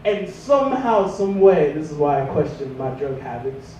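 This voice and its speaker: A young man doing stand-up comedy, rambling through a self-mocking story with a high, animated voice that swings around. He sounds mellow in tone, and he is picked up from a distance in a very echoey room. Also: normal speed, a little hiss or hum.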